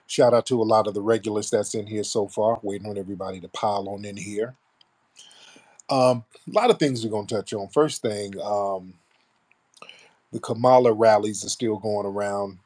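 A man's voice: lowish voice, darkish tone. A man hosting a casual live stream, talking bluntly and sarcastically about the news. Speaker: host.

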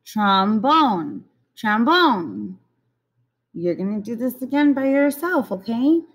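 A woman teacher giving a recorded reading lesson for young children, repeating each word slowly and coaxing them along. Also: high-pitched, expressive, warm tone. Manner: slow, drawn-out word repetition, coaxing.

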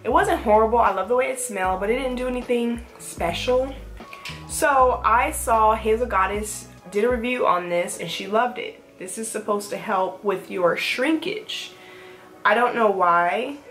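A woman's voice: fairly high pitch, moderate pace, fairly bright tone, soft background music. A woman talking through a hair product review in a casual, rambling way, with chatty asides, filmed at home on a camera mic. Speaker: natural hair vlogger. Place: indoors at home.

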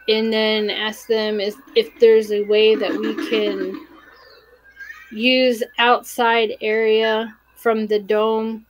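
A woman plays in a tabletop game, talking through her actions slowly and hesitantly. Her voice sits fairly high, with faint noise in the background. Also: flat delivery, low-quality recording. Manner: hesitant, thinking aloud. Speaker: player.

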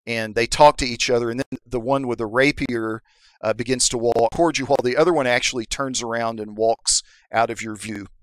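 A man narrating as the game master of a tabletop game, setting the scene in an improvised, halting way with many restarts. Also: medium pitch, fairly even intonation, no room sound, low-quality recording.

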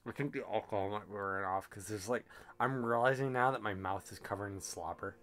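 A man's voice: on the low side, fairly quick. Drunk rambling male streamer. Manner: rambling, self-deprecating, swearing, trailing off quietly. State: drunk, slurring. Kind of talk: casual gaming stream chat.

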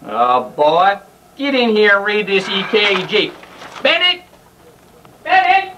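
A man playing a gruff, bossy senior male doctor who scolds in barking shouts. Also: sits high, very animated, unhurried, background noise. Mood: scolding.

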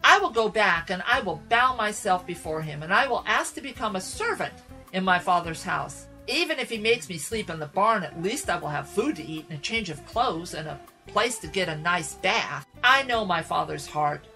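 A woman's voice: fairly low pitch, lively intonation, normal speed, bright, forceful tone, faint music behind, rough recording. A woman voicing a remorseful prodigal son. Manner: downcast, self-reproaching musing. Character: repentant young man, broke and ashamed.

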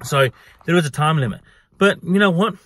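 In a brisk, high-leaning voice on a dry recording, a man recounts an incident from his job on venue staff. He plays out the exchanges animatedly, swearing often throughout the casual story.

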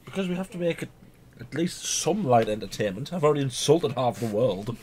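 A man's voice: medium pitch, animated, brisk, a little mellow, a little hiss or hum. Teasing Northern English man. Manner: teasing, mock-provocative, laughs often. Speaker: reaction video co-host. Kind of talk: casual chat over a film.

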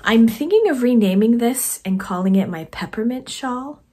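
A woman vlogger chatting casually about her knitting projects in a soft, conversational way that often trails off quietly. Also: fairly high pitch, expressive, moderate pace, slightly rough. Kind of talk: casual chat to camera.

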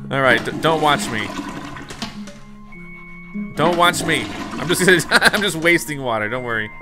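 With music playing behind him, a man with a voice on the high side talks in an animated way at a moderate pace. He's a gaming YouTuber giving casual, joking commentary on his gameplay, laughing often and reacting loudly to surprises.

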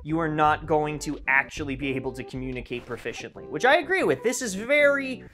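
A man giving a casual, energetic textbook review vlog, joking and poking fun at himself, with big jumps in pitch. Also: a little fast. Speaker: language-learning reviewer.

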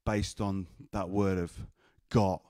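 A man's voice: deep voice, little pitch movement, slow pace, mellow, no echo, clean studio sound. A man with an English accent performing spoken word poetry with a rhythmic, chanted delivery and telling stories between poems. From England. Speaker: performance poet. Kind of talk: spoken word poetry and storytelling at an open mic.

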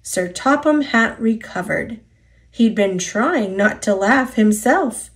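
Slow, deliberate woman storyteller. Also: a little high, animated. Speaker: storybook narrator. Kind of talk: children's picture book read-aloud.

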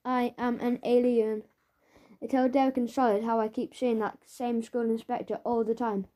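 Voicing a schoolboy who narrates his own tale, a woman audiobook narrator reads a children's book aloud a little fast. Her playful, lively delivery sits slightly high, and her tone is soft and mellow.

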